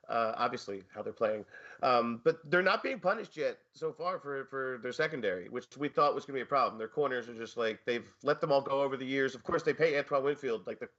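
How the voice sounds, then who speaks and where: A man's voice: medium pitch, a bit bright, highs cut off. A man co-hosting a sports podcast, rambling with restarts and offbeat comparisons. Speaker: podcast co-host. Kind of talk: casual sports betting chat.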